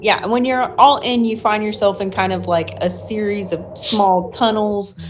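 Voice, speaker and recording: A woman's voice: mid-range voice, fairly even intonation, moderate pace, soft background music. A woman playing at a tabletop game, describing things in a rambling way full of fillers. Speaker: player.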